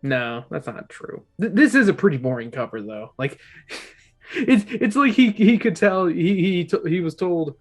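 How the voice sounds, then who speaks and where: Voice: mid-range voice, sing-song, measured pace, soft background music. A book club host giving a casual, opinionated video review, rambling and often restarting sentences.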